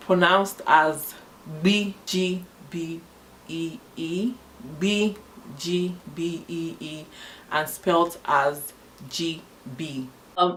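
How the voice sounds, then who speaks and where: A woman with a slightly low voice and a Nigerian Igbo accent leads an Igbo alphabet lesson. She spells letters out slowly and clearly. Then she rattles off short example sentences. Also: fairly bright tone. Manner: slow, careful spelling of letters, then quick example phrases. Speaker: Igbo language teacher.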